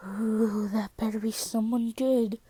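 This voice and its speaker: A woman voicing an irritable, curt teenage boy hero in a spoken fan story, close to her own voice and often hushed. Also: on the high side, steady tone, slow, breathy edge, no echo. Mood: irritated.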